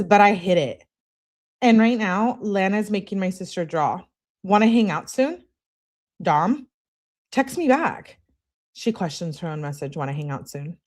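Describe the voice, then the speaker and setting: A woman's voice: fairly low pitch, a little mellow. A woman hosting her channel, reading text messages aloud in a casual way and adding blunt, profane asides while greeting viewers. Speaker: channel host reading case evidence.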